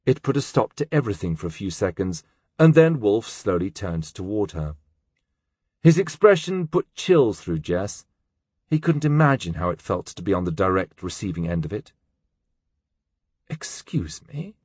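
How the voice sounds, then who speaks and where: A man narrating a novel as an audiobook, in an expressive, measured storytelling manner. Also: low voice, slightly rough, no echo, clean studio sound. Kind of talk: scripted narration.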